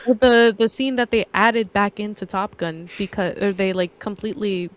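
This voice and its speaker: A woman's voice: mid-range voice, normal speed. A young adult woman co-hosting a casual movie podcast, rambling through trivia and anecdotes. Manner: rambling storyteller, reads trivia aloud. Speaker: podcast co-host.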